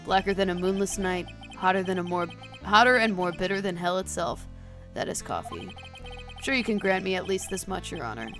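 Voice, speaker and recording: A woman voicing a masked older male prosecutor, smug and brooding, reading his lines slowly and theatrically for a game. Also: lowish voice, lively intonation, fairly bright tone, faint music behind.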